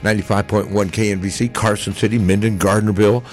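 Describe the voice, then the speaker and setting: A man's voice: fairly low pitch, fairly even intonation, quick pace, darkish tone, faint music behind. Folksy older male radio host. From Nevada, United States. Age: 60s. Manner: upbeat, folksy announcer patter. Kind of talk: live radio pre-show chat. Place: outdoors at a parking lot concert stage.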